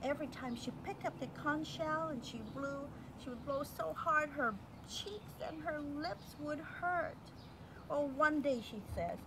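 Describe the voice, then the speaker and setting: Woman, storyteller for a child, animated with sound effects, slow delivery, high pitch. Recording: noisy home recording.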